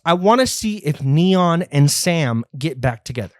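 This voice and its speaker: A man's voice: on the high side, expressive, measured pace, no room sound, clean studio sound. Profane, rambling male podcast host. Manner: rambling, profane, self-deprecating. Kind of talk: solo comedy podcast monologue.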